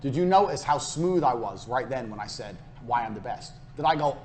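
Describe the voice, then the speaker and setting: A man's voice: mid-range voice, lively intonation, normal speed, hardly any pauses. Brash British man lecturing on business. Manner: brash, blunt and swearing, acts out sales dialogues. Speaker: business course speaker. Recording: faint background noise, played in a game server.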